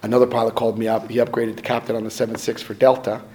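A man's voice: mid-range voice, level tone, rapid-fire, darkish tone, a little hiss or hum, low-quality recording. A middle-aged man telling stories in a casual, self-mocking way, acting out what people said. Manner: conversational, self-mocking, acts out quotes. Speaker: speaker sharing his story. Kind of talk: casual storytelling talk.

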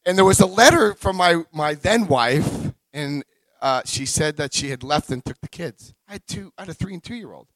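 A middle-aged man tells his own recovery story, animated and expressive, his voice sitting a little high and rising and falling widely. He acts out the moments, swinging from hushed to loud. The sound is dry and close, with no room around him. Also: moderate pace, no room sound, rough recording. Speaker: recovery speaker. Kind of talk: personal recovery talk.

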